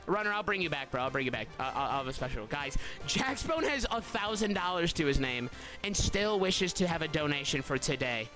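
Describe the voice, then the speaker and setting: Excitable high-voiced young man streamer. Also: fairly quick, over music. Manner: excitable, repeats "guys" constantly, yells at surprises. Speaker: streamer hosting a game tournament. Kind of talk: live game stream talk to chat.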